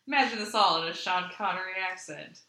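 A woman narrating as game master, unhurried and full of fillers. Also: lowish voice, sharp tone. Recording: echoey room with faint hiss.

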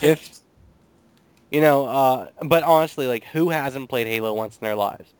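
Dry, smooth-voiced young man hesitating. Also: mid-range voice, a little slow, no room sound. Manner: dry, hesitant, many ums. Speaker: podcast co-host. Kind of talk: casual chat.

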